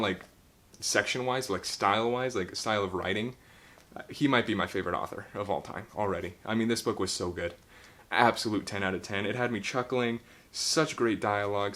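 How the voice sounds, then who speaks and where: A man's voice: medium pitch, fairly bright tone. A young man casually reviewing a book, rambling and swearing as he retells the plot with laughs.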